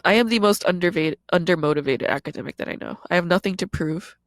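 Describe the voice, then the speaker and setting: A woman's voice: lowish voice, fast, dry recording. A woman in her thirties, a podcast host and comedian, giving a raw confessional monologue in a blunt, profane way.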